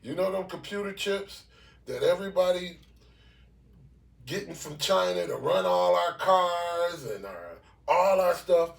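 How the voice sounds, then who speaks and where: A man co-hosting a casual talk show, blunt and profane, talking in an animated way. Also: sits high, measured pace, vocal fry. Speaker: podcast co-host. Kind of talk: casual chat. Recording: echoey room, mic at a distance.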